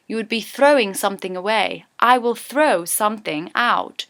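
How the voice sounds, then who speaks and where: A young woman with a broad Geordie accent talks casually, like a friendly vlogger. She teaches local words and leans on the long vowels to show how they sound. Her pitch sits in the middle of the range. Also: measured pace, hardly any pauses, clear, resonant tone. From North East England. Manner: chatty, lively, stretches vowels for examples.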